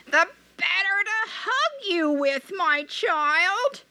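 A woman voicing a cunning male wolf disguised as a grandmother, in a slow, altered voice. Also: very high-pitched, sing-song, bright, forceful tone, no room sound, pitched above the performer's own voice, heavily acted. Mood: sly.

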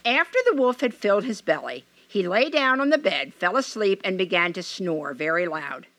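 Expressive bright-voiced woman storyteller. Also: medium pitch, dry recording. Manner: expressive, measured narration. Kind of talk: storybook reading aloud.

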